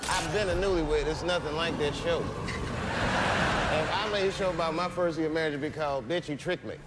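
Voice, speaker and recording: A man telling jokes in stand-up and talk show banter, animated, with sudden jumps up in pitch. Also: normal speed. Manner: joking, animated delivery with sudden high jumps. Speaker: comedian. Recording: loud background noise.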